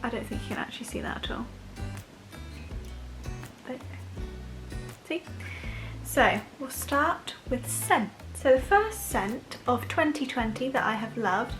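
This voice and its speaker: A young woman chatting to camera about her favourite products, rambling with quick self-deprecating asides. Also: fairly high pitch, lively intonation, a bit bright, soft background music. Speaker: beauty vlogger. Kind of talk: casual chat to camera.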